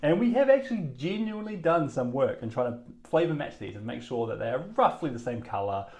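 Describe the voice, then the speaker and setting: Animated New Zealand man in an echoey room. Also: medium pitch, a little fast. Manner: animated, wry, teasing. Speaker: podcast co-host. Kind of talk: casual chat over whiskey tasting.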